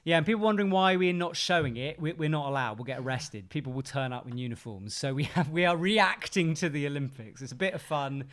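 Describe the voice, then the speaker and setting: Chatty English man, slightly high voice. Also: a bit bright. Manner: chatty, jokey, quick asides and laughs. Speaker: co-host reacting to a climbing event. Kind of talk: casual live commentary chat.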